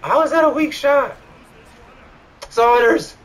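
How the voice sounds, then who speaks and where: A man gaming with friends, cheering and shouting at a hockey video game. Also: very high voice, slow pace, rough recording. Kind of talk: excited gaming chat with teammates.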